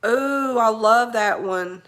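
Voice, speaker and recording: A woman's voice: on the high side, slow, a bit bright. A woman, sick with covid, chatting casually from home and breaking off to talk to her dog. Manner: chatty, rambling, talks to her dog between thoughts. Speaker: vlogger. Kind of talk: casual morning live chat.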